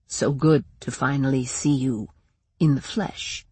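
A woman reading a storybook voicing a menacing male shadow being who taunts in a slow, soft, lowered voice. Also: steady tone, husky, dry recording, full character voice. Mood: taunting.

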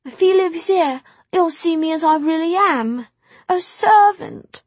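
A woman's voice: mid-range voice, expressive, moderate pace, husky, dry recording. A woman narrator voicing a young Victorian housemaid who speaks plainly and cries, her voice cracking. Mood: tearful, high. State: crying.

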